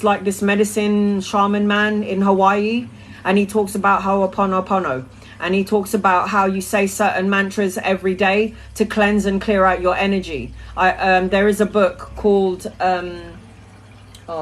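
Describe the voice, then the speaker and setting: A woman hosting a casual spiritual live stream, talking freely with plenty of ums and chanting mantras in a soft voice that trails off. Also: mid-range voice. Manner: talkative, with frequent um and uh. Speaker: spiritual live-stream host answering questions.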